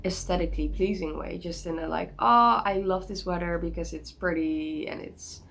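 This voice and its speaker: A woman's voice: on the low side, moderate pace, gravelly, fairly bright tone, rough recording. Young woman vlogger at home, bubbly and rambling, laughs often. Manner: bubbly, rambling, giggly, many likes and restarts. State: sick. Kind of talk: casual chatty vlog.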